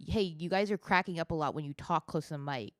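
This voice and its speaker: A woman's voice: low voice, quick pace, a bit bright. A woman guest on a casual live stream, giggly and playful.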